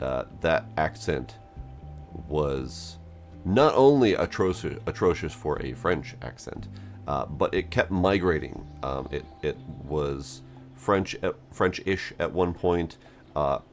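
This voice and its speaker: A man's voice: rumbling low, slow, soft background music. A man casually commenting on a game he is playing, chatty and self-mocking, reading its text aloud. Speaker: gameplay streamer. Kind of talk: casual let's-play commentary.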